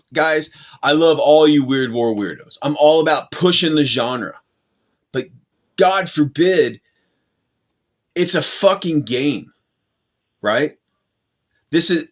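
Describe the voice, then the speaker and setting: A man hosting his own channel, delivering an angry, profane rant with lots of swearing and restarts. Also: a little high. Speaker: channel host.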